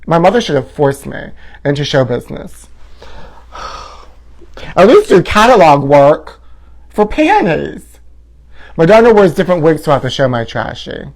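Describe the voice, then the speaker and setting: A man's voice: on the high side, big pitch swings, a little slow, pauses often, darkish tone. A man hosting a comedy show, delivering a campy, sassy and theatrical tabloid gossip monologue.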